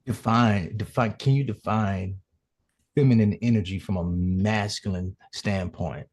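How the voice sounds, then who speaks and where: A man's voice: on the low side, steady tone, a little slow, darkish tone, slightly rough. A man hosting a podcast, asking curious follow-up questions, heard from farther off the mic.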